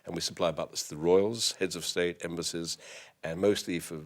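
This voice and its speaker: An older man with a London accent, polished by years of formal work, talks in a very deep, low voice. He answers courteously and precisely, with formal phrasing. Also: steady tone, fairly quick. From East End of London. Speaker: butler school head and toastmaster. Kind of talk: interview answers.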